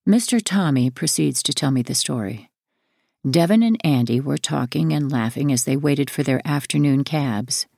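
Memoir narrator, woman, low voice with fry, steady and measured. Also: no room sound, studio quality. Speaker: audiobook narrator. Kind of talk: first-person memoir narration.

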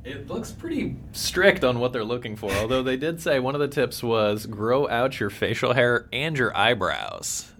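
A man's voice: medium pitch, big pitch swings, moderate pace, creaky, few pauses, fairly bright tone. A man co-hosting a podcast in casual chat, musing and jokey. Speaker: podcast co-host.

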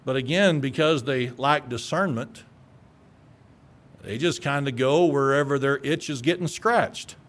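A man's voice: medium pitch, a little slow. A male pastor preaching a sermon in an earnest, conversational way that climbs into emphatic peaks.

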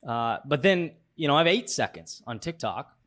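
A man's voice: a little high, big pitch swings, normal speed, a bit bright. A man speaking as a podcast guest, thoughtful and full of fillers and restarts. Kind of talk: casual interview talk.

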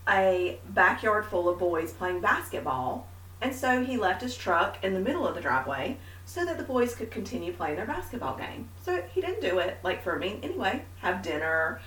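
Female co-host, animated storyteller; bright tone, roomy sound. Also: medium pitch, normal speed, far from the mic. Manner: animated storyteller, mimics herself. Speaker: podcast co-host. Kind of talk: casual faith chat. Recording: echoey room, a bit off-mic.

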